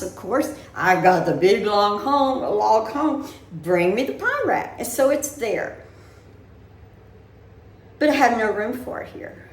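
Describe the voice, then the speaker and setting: An older woman chatting casually to her viewers from her living room, rambling as she talks her worries through, in a roomy recording with a little background noise. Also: mid-range voice. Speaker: vlogger. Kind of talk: casual chat.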